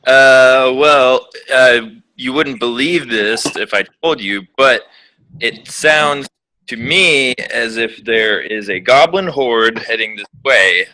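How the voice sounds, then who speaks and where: A man's voice: medium pitch, slow, sharp tone, slight background noise, poor audio. A man playing in a tabletop game, rambling evasively in character. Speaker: player. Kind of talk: in-character tabletop role-play.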